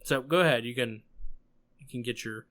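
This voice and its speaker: A man's voice: medium pitch, normal speed, a bit bright. A man with a New York accent hosting a podcast, chatting casually with emphatic, sarcastic asides. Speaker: podcast host.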